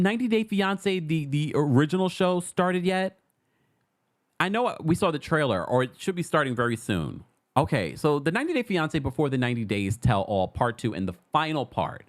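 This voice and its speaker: Man, casual gossip host, sassy, animated, lively swooping pitch. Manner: animated, sassy, laughing often. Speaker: pop culture commentator.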